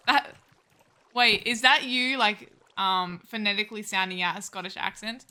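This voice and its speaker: A woman's voice: mid-range voice, moderate pace, pushed and bright, clean tone. A woman giving casual gameplay commentary as a streamer, chatty and self-mocking as she talks to her viewers. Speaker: game streamer.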